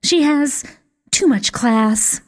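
A woman's voice: sits high, takes it slowly, voice pushed up. Casting: a woman as a snooty, cooing witch mother, a little raised. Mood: boastful. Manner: cooing, snobbish. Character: boastful red-haired witch mother.

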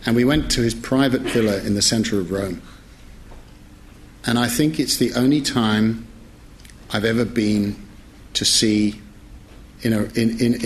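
A man's voice: fairly low pitch, a little hiss or hum. A middle-aged man, a journalist, telling a humorous anecdote in a chatty way, often correcting himself and laughing as he goes. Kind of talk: humorous anecdote told to listeners.

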